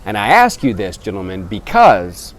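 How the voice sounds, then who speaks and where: A man vlogging outdoors beside a temple, talking earnestly to camera as he calls his listeners gentlemen. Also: lowish voice, wildly swooping pitch, normal speed, a little hiss or hum. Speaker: travel vlogger. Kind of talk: casual motivational talk to camera.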